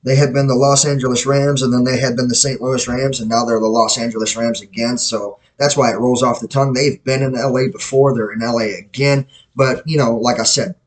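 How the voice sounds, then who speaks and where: Brisk and barely pausing, he speaks at a medium pitch with a steady tone on a low-quality recording. As host of his own self-produced podcast on a podcast mic, he rambles casually through blunt, opinionated sports takes with frequent self-corrections.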